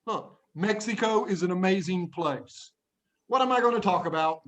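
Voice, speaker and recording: A man teaching English writing to a class of young students, playful and animated, acting out examples and hushing the class now and then. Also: sits high, moderate pace. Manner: playful, animated, acts out examples in little voices; talks to young students, often hushes the class. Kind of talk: classroom lesson to children.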